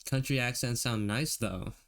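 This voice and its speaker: An American man talks with his viewers while drawing on stream, his mid-range voice moving at a normal speed. He's relaxed and laughs a lot as he casually chats with the audience.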